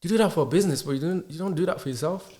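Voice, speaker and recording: A man's voice: fairly high pitch, very fast, warm tone. A man, a podcast guest in casual chat, earnest and asking himself rhetorical questions. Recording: roomy echo.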